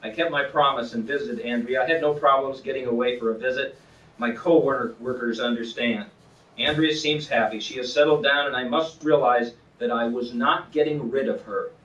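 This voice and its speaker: Man, reading aloud from his book, earnest and measured, mid-pitched voice, roomy echo, far from the mic, dull lo-fi sound. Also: a bit bright.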